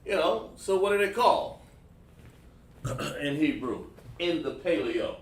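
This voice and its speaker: A man's voice: a little high, expressive, measured pace, slight background noise. Man teaching, echoey and distant. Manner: patient, checks in with repeated "okay, all right", praises students. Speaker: class instructor. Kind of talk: livestreamed language class. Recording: echoey room, voice far from mic.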